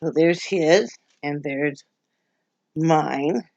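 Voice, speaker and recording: A woman's voice: deep voice, very slow, vocal fry, darkish tone, no room sound, muffled recording. A woman from Wyoming chatting at home for her vlog, rambling and restarting her sentences. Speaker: vlogger. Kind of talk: casual home chat. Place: at home, indoors.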